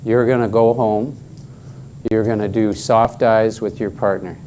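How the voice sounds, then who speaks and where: Slow, emphatic middle-aged man speaking. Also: on the low side, fairly even intonation, mellow, a little hiss or hum. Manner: slow, emphatic, joking with the audience. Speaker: conference speaker. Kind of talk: motivational workshop talk. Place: conference room with an audience.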